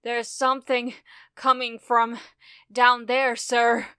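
A woman's voice: mid-range voice, unhurried, sharp tone, no echo, clean studio sound. A woman voicing a nervous young hero girl who speaks hesitantly and trails off, in a fan fiction audiobook.

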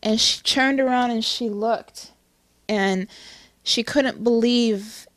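A middle-aged woman giving an earnest personal testimony, halting, with many restarts and fillers. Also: on the high side, steady tone, no echo. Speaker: testimony speaker.

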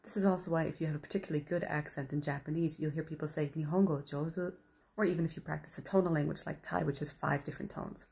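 A woman's voice: low voice, steady tone, rapid-fire, creaky, hardly any pauses, darkish tone. A woman with a North American accent, explaining a language topic to her channel's viewers with enthusiasm. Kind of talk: explainer monologue to camera.

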